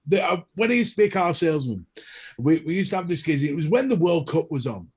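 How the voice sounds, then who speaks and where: A man's voice: a little high, sing-song, quick pace, husky. A man co-hosting a live chat show, telling stories and crude jokes. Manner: crude joking storyteller. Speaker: co-host. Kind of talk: casual live-stream banter.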